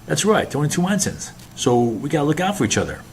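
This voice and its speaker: A man's voice: on the high side, sing-song, fast, slight background noise, pitched above the performer's own voice. A man reading a bitter, scheming young naval officer who snaps orders and puts on forced friendliness. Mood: falsely friendly.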